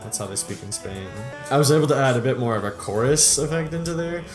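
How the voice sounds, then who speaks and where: With faint music behind him, this young adult creator comments on his past uploads in a quick, animated, medium-pitched voice. He keeps it breezy and upbeat, laughing a lot and trailing off.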